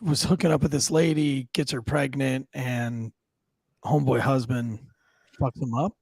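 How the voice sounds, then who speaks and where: A laid-back co-host tosses in jokes and questions in a relaxed, joking way. The voice is gravelly, recorded dry and close. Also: medium pitch, a little slow, no room sound. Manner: laid-back, jokey interjections. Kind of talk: casual chat.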